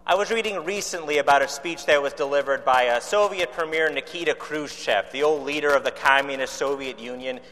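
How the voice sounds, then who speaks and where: A man's voice: fairly high pitch, fairly quick, few pauses, fairly bright tone. Man preaching in a reverberant church. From Chicago. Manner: conversational, rhetorical questions, dry humor. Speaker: pastor. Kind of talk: sermon.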